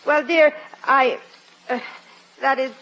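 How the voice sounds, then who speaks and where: An actress playing a sweet, coaxing wife who gets flustered, in 1940s radio comedy style. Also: female voice, high voice, steady tone, takes it slowly, a bit bright, full character voice. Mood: sweetly coaxing. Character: fussy, scheming middle-aged wife. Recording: muffled old radio broadcast.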